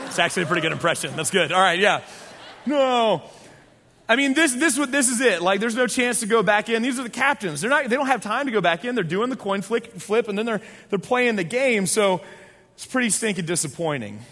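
A young man with a high, bright voice tells an animated story to a big audience. He talks back and forth with the crowd and sometimes breaks into a shout. His voice rings with the long echo of a large hall. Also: normal speed. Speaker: speaker telling a story to an audience. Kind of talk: lively storytelling talk.

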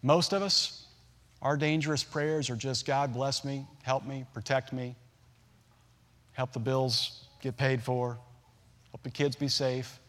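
A man in his forties preaching a sermon, telling a family story with lively acted-out voices. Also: mid-range voice, takes it slowly, long pauses. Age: 40s. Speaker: pastor. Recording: long hall reverb.

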